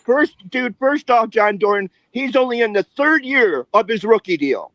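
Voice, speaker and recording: A man co-hosting a sports talk show, loud and insistent, talking over the others. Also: very high voice, animated, measured pace, no room sound, rough recording. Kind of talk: heated sports debate. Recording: crowd chatter behind.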